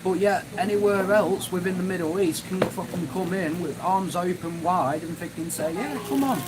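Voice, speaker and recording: A man's voice: high voice, fairly even intonation, moderate pace, heavy background noise. A man hosting a live stream, ranting angrily and swearing heavily as he reads and answers chat. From United Kingdom. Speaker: livestream host.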